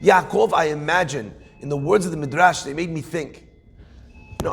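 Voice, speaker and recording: A rabbi telling a story in a sermon, animated, acting out characters with punchy asides. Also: male voice, a little high, fairly quick, vocal fry, faint music behind.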